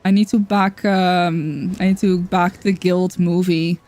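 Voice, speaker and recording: A woman streaming a game in casual chat, chatty, excitable and self-mocking. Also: on the low side, measured pace.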